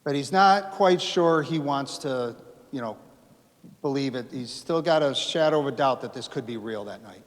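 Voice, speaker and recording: A man giving a storytelling history lecture to a live audience in a lecture hall, animated, acting out quotes and asking the audience questions. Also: medium pitch, moderate pace. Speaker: history speaker. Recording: reverberant hall.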